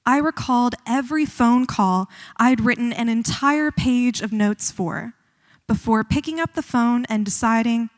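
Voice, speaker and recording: A young woman student reading her poem on stage in a measured, calm way. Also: a little high, big-room sound. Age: young adult. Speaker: student poet. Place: concert hall stage.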